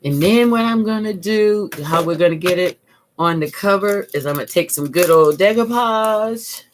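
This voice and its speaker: A woman's voice: mid-range voice, moderate pace, a little hiss or hum. A middle-aged woman, hosting a live craft tutorial and chatting with viewers in an upbeat way as she works at her desk. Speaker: art teacher, channel host. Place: home craft desk, indoors.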